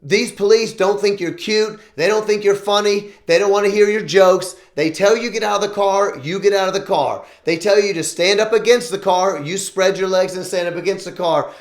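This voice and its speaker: A man's voice: high voice, moderate pace, few pauses. Stern Southern dad lecturing his boy, bluntly, put on by a man. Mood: stern warning. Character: stern Southern father warning his teenage son. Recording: roomy echo.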